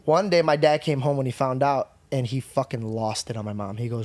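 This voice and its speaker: Young adult man, podcast storyteller, blunt and salty, average pitch, dry studio mic. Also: fairly quick, few pauses, no echo. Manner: candid, profane, animated retelling.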